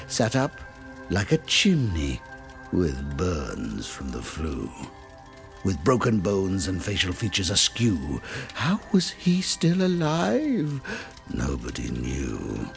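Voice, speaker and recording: A man's voice: low-pitched, wildly swooping pitch, slow, vocal fry, faint music behind. A man narrating a rhyming horror-comedy story in a theatrical, dramatic manner.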